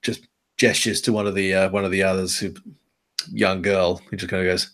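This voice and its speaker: A man's voice: low voice, little pitch movement, brisk, a bit bright. A man narrating a tabletop game as game master, loose and rambling. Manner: loose, rambling, full of fillers and restarts.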